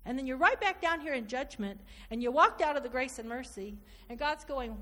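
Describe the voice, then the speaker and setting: A woman preaching a sermon, animated and repetitive, acting out inner dialogue as she speaks. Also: high-pitched, normal speed, few pauses. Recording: reverberant hall.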